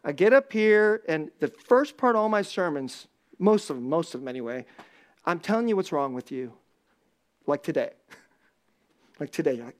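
A man preaching a sermon as pastor, intense and laughing often, dropping into low asides and rising to loud bursts. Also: expressive, normal speed, long pauses.

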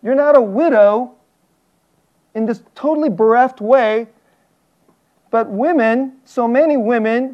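A man preaching a sermon as a pastor, earnest and animated, often chuckling and stammering as he talks. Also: very high-pitched, unhurried, long pauses, dull audio.

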